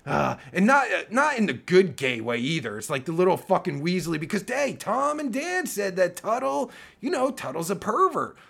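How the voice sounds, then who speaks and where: A man's voice: high voice, sing-song, normal speed, vocal fry, few pauses, fairly bright tone. A man ranting angrily on a live stream, swearing constantly and restarting his sentences. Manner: profane, heated, stammering restarts. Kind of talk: angry rant on a live stream.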